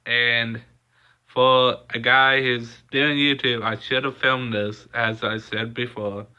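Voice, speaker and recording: A young man vlogging a personal story in a casual, halting way, with lots of pauses and fillers. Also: mid-range voice, flat delivery, pushed and bright, smooth. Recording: dull lo-fi recording.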